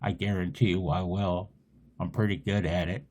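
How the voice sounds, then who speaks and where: A man's voice: low-pitched, steady tone, moderate pace, pauses often, a little mellow, highs cut off. A man rambling through a casual amateur radio vlog, silly and laughing often, with a strained throat.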